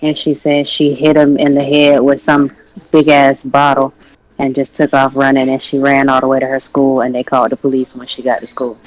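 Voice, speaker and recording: A man's voice: medium pitch, monotone, normal speed, dry recording, low-quality recording. A man in a casual podcast chat, retelling a story in a loose, slangy way.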